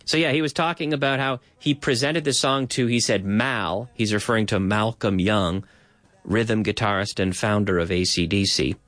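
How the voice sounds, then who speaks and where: A man hosting a radio show, who repeats phrases and explains them to his listeners in a lively way. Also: lowish voice, moderate pace, dry recording. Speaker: radio host.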